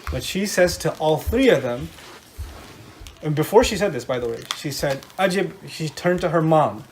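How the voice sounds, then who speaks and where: A middle-aged man giving an animated religious lecture to a live audience, often quizzing his listeners with questions. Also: fairly high pitch, normal speed, a little hiss or hum. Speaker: Islamic lecturer.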